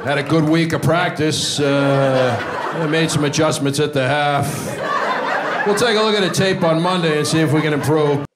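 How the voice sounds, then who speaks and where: A comedian doing a flat, mumbling football coach. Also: male voice, on the high side, natural voice. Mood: deadpan. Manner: flat, slow, stock-phrase mumbling. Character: gruff football coach giving a dull press conference, male, middle-aged. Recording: loud crowd and noise behind.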